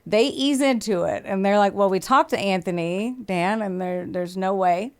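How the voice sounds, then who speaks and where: A woman's voice: mid-range voice, normal speed, smooth. A woman hosting a podcast, telling a true-crime story in a casual, swearing, chatty way and acting out what people said. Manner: swears freely, acts out quotes, laughs often. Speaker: podcast host.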